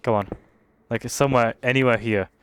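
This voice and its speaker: A young British man commenting casually on a game he is playing, swearing and reacting loudly to what happens on screen. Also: medium pitch, fairly even intonation, brisk, smooth. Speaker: streamer.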